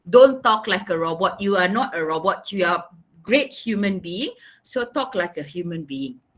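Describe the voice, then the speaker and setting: A woman's voice: fairly high pitch, sharp tone. A woman teaching an exam coaching lesson, giving emphatic, repetitive instructions to her students. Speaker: English teacher.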